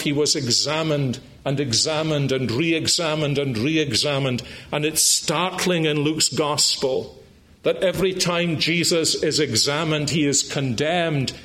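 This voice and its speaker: A man preaching a sermon, slow and emphatic, with dramatic pauses and high, excited climaxes.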